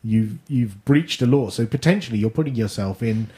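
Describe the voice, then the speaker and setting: A man on a tech podcast panel, talking in a measured, thoughtful, slightly halting way. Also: medium pitch, warm tone. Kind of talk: casual tech discussion.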